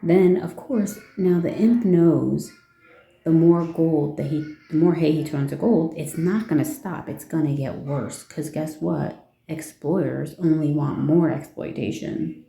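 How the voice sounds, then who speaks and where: Slow, gravelly low-voiced woman. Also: warm tone, echoey room. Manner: rambling, rhetorical questions, opinionated. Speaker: vlogger. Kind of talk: casual storytelling from notes.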